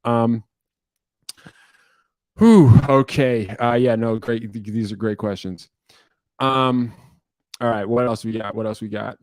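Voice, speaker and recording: A man's voice: fairly low pitch, level tone, unhurried, no room sound. A young man from New Jersey, answering viewer questions in a casual livestream, rambling and swearing with self-deprecating asides.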